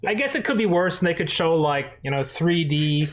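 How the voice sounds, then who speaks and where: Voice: mid-range voice, animated, normal speed. Co-host for a casual review chat, wry and rambling, full of sarcastic asides.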